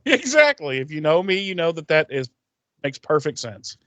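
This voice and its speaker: A man's voice: a little high, sing-song, a bit bright, dry recording. Rambling, profane man recapping TV. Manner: rambling, profane, acts out characters in quick voices. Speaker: podcast co-host recapping an episode. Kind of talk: casual chat, retelling scenes.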